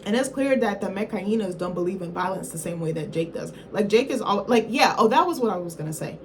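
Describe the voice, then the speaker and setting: A woman's voice: mid-range voice, expressive, fast, slight background noise, rough recording. A woman vlogger giving a casual, rambling film review, swearing freely and acting out characters in quotes. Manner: chatty, profane, acts out characters in quotes; rambling, self-correcting, apologetic asides.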